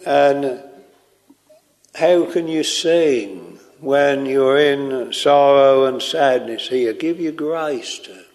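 An older man preaching a sermon, telling stories in a slow, earnest way and drawing out quoted lines. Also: medium pitch, darkish tone. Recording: long hall reverb.

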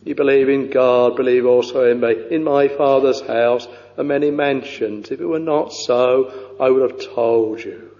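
A man preaching a sermon, reading scripture in a slow, halting way with many pauses and fillers, dropping to a hushed voice on quoted verses. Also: mid-range voice. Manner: slow, halting delivery with frequent uh and you know. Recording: dull lo-fi recording with long hall reverb.

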